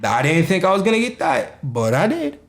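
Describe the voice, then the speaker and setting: Fairly quick and a little high, this young New Yorker's voice swoops wildly in pitch. Hailing from Jamaica, Queens, he co-hosts a podcast full of laughter, loose talk among friends, and plenty of cursing.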